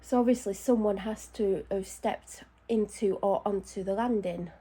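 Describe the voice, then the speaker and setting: A woman's voice: mid-range voice, moderate pace, dark tone, slightly rough. Breathless, anxious woman chatting at home. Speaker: vlogger. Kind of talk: casual chat while doing skin care. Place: home bedroom.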